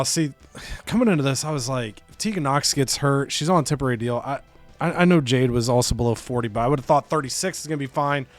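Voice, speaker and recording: A man casually recapping a wrestling management game, animated and profane, slipping into other characters' voices. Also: a little high. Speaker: let's play host.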